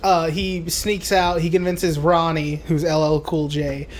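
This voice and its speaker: A man co-hosts a podcast, casually recapping a movie with plenty of swearing and laughter while acting out the characters' lines in put-on voices. His voice is a little high, his delivery flat and a little slow, with a faint hiss or hum on the recording.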